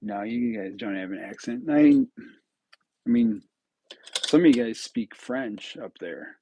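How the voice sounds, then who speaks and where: A man's voice: medium pitch, a little slow, darkish tone, slight background noise, poor audio. A man from New York state hosting a live stream, chatting casually with viewers and muttering to himself as he builds. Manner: chats with viewers, muttering to himself between pieces. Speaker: livestream host.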